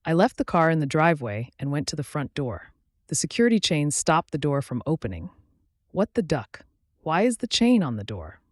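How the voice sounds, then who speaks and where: A man's voice: fairly high pitch, sing-song, normal speed, no room sound, clean studio sound. A man reading a first-person relationship story aloud in a plain storytelling manner. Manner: plain storytelling with mild censored swearing. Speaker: narrator.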